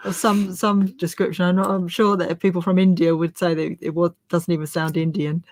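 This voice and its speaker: A woman's voice: on the low side, little pitch movement, normal speed, a little mellow, no room sound, clean studio sound. A woman co-hosting a live stream, easygoing and laughing often as she reads viewer messages. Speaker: co-host reading out viewer messages. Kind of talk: casual live chat.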